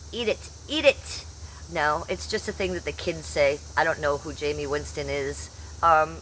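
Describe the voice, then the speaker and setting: A woman's voice: sits low, a bit bright, a little hiss or hum. A woman in her fifties chatting brashly on a live stream, reading out and answering the chat with blunt, salty humor. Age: 50s. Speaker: livestreamer.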